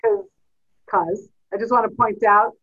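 A woman hosting an online class over a video call, introducing speakers with halting, repeated words. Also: fairly high pitch, sing-song, fairly bright tone, breathy edge. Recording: tinny phone-like video call audio.

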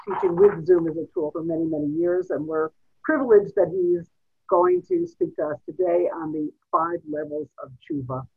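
A woman hosts an online class, introducing each speaker with halting, repeated words. Her voice is gravelly and husky and swings widely in pitch. It comes through a tinny, phone-like video call line.

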